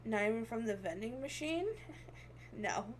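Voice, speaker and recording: A woman's voice: on the high side, animated, normal speed, slight background noise. A young woman streaming as a VTuber, chatting casually and giggling often as she reads comments aloud. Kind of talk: casual livestream chat, reading comments.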